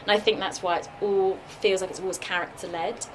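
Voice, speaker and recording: This is a chatty guest puppeteer at a casual Q&A, her talk peppered with "like" and other fillers. Her voice sits mid-range with fairly even intonation, a little on the fast side, captured noisily live in a festival workshop room.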